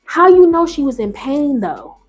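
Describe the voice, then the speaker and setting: A woman hosting a video, reading online stories aloud and reacting in animated, slangy, casual talk, jumping between loud high bursts and low mutters. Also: moderate pace, faint music behind. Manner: animated, slangy, talks back to the story. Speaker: YouTube host.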